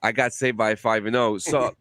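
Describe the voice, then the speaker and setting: A man on a podcast telling a long gaming story in a casual, profane, animated way with many restarts. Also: medium pitch, normal speed, dry recording, clean studio sound. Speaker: podcast co-host.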